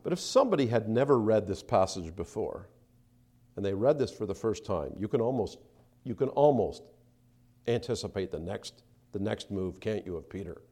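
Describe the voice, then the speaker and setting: A man preaching a sermon, acting out the speakers he quotes and dropping to soft asides between them. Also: on the low side, animated, moderate pace. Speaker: pastor.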